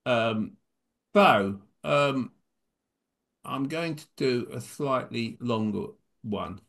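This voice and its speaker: An English poet with a wry, dry humor reads a comic verse in a middle-pitched voice. Between poems he turns halting and chatty, full of pauses and restarts. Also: vocal fry. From England. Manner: wry, hesitant between poems, animated when reciting. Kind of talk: poetry reading and chat.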